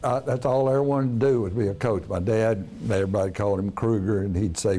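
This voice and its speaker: An older man, a retired basketball coach reminiscing in a folksy, casual interview with many pauses and restarts. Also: lowish voice, steady tone, warm tone. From Texas. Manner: folksy storyteller, frequent "uh" and restarts.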